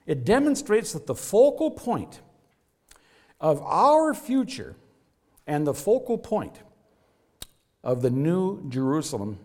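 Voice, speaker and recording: A man preaching a sermon to his congregation, emphatic and earnest, his voice rising and falling to stress points. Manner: emphatic preaching with wide swings in pitch and loudness. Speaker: pastor.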